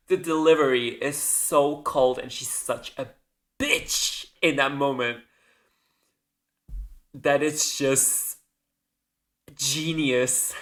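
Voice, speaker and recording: A man's voice: mid-range voice, fairly even intonation, slow, long pauses, fairly bright tone. A man hosting a casual solo podcast, rambling and correcting himself as he goes, with the odd casual swear. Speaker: podcast host.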